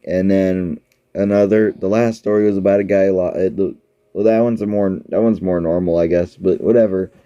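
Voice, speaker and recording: Rambling low-voiced man narrating a game. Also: fairly even intonation, normal speed, dark tone, smooth, no room sound, highs cut off. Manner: rambling, filler-heavy, offhand storytelling. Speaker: app game commentator.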